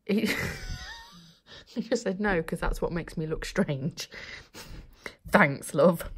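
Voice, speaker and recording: Husky lively woman vlogger. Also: on the low side, takes it slowly. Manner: chatty, laughing, drifting into whispers. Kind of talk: casual vlog chat.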